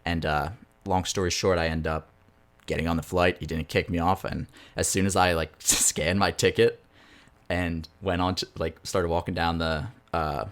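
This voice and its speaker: A man's voice: sits low, fairly even intonation, moderate pace, fairly bright tone. A young man, a podcast co-host, telling a story in a rambling, casual way and swearing freely.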